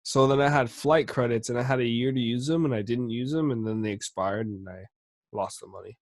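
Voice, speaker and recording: A man's voice: medium pitch, fairly even intonation, brisk, no room sound, studio quality. A man on a podcast, laid-back and slangy in casual chat. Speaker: podcast co-host.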